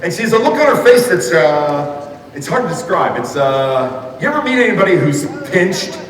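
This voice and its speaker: A man's voice: fairly high pitch, moderate pace. A man from telling comic stories to an audience and acting out the people in them. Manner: animated, acts out the people in his stories. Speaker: school assembly speaker and storyteller. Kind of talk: comic storytelling talk to an audience. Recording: echoey hall, heard from a distance.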